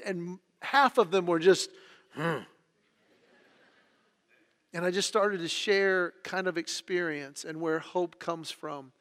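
Male storyteller, high and bright, animated, acts out quotes; roomy hall sound. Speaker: speaker telling stories. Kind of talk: storytelling talk to an audience.

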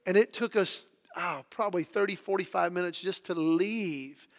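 Male storyteller, high and bright, animated, acts out quotes; roomy hall sound. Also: moderate pace. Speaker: speaker telling stories. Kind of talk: storytelling talk to an audience.

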